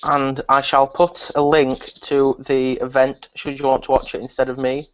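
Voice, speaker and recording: A man's voice: mid-range voice, completely flat delivery, normal speed, highs cut off, a little hiss or hum. A man hosting a live stream from a relative's house, chatting to viewers in a rambling way. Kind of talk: casual live stream chat.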